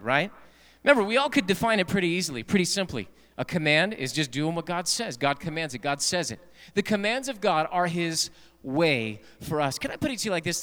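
A male pastor delivering a lively sermon from the stage, voice pitched a bit high. He keeps throwing questions back at the congregation. His words trail off into a long church reverb. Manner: animated, rhetorical, asks the congregation questions. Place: church sanctuary at a Wednesday night service.

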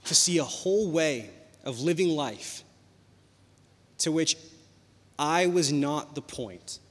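A young man preaching a sermon, telling a personal story in a lively, conversational way. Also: fairly high pitch, takes it slowly. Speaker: pastor. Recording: long hall reverb.

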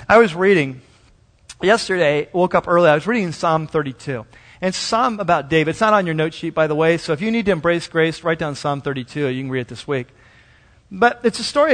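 A man with a high voice delivers a sermon, casual and animated, slipping into little acted-out voices. The recording is live in a church sanctuary, with a long hall reverb trailing his words. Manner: conversational and animated, acts out quoted voices. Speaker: pastor.

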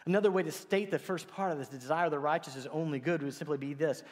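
A man preaching a sermon in a conversational, animated way, acting out the voices he quotes. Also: fairly high pitch, quick pace, few pauses. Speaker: pastor. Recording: long hall reverb.

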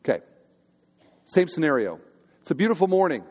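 Speaking at a moderate pace, this pastor has an animated, darkish voice that leans high. As senior pastor, he preaches with humor and a conversational touch, repeatedly asking his congregation questions, all captured with the long hall reverb of a church sanctuary.

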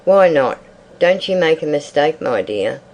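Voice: medium pitch, expressive, measured pace, a little mellow, rough recording. A reader voicing Mrs Kember, a bold, cold and worldly woman who teases in a raised, coaxing tone in a storybook reading. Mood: teasing. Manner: teasing and worldly.

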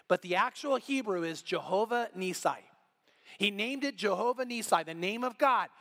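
A middle-aged man preaching a sermon, telling a story with lively voiced quotes. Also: high-pitched, normal speed. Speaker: pastor.

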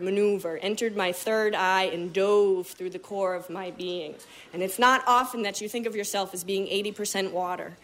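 A woman performing a lively story for a live audience, telling it vividly and acting out moments as she goes. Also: medium pitch, a little hiss or hum. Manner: animated, vivid, acts out other people's lines.

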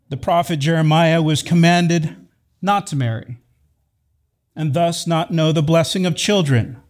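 Emphatic male preacher, fairly high voice. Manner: measured, emphatic, repeats key phrases. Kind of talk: sermon. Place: church sanctuary.

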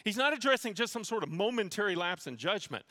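Man pastor, bright and somewhat high voice, sermon in a reverberant church. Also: sing-song, quick pace. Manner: storytelling with self-deprecating humor. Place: church sanctuary.

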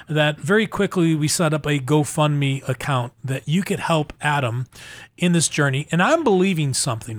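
A man's voice: fairly high pitch, no room sound. A man hosting a radio talk show in an enthusiastic, chatty way, often stumbling over repeated words. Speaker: radio host. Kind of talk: casual talk show chat.

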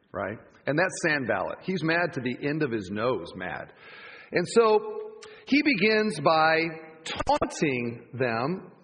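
A man preaching a sermon as pastor, telling the story vividly with lively asides. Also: a little high, husky. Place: church campus auditorium. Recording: long church hall reverb.

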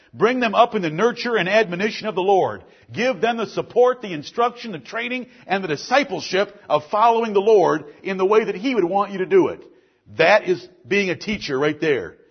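A man's voice: high-pitched, animated, moderate pace, breathy edge, highs cut off. A man preaching a sermon as pastor, building emphasis through repeated lists.

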